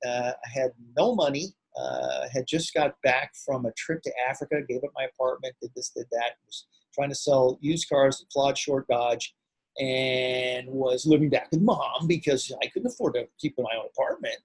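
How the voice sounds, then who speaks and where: A middle-aged man, a martial arts grand master and actor, telling stories in an animated, rambling way as an interview guest. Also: medium pitch, normal speed, breathy edge, no room sound, poor audio. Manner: animated, rambling, swings loud and soft. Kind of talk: casual storytelling interview.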